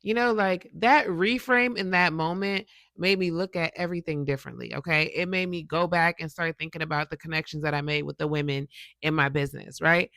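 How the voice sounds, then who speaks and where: Bright, gravelly-voiced woman giving motivational talk. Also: low-pitched, brisk, dry recording. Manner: chatty, animated, checks in with the audience often. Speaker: motivational YouTuber and podcast host. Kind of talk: casual motivational talk to camera.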